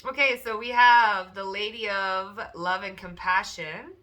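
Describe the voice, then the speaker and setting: A woman giving a chatty, loose pick-a-card tarot reading at home, often slipping into high, animated voices for the people she describes. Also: measured pace, slight background noise.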